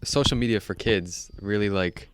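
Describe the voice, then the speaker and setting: A man's voice: on the low side, moderate pace, slight background noise. A young man in his late teens co-hosting a student podcast, joking and laughing as he asks the guest questions. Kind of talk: casual podcast chat.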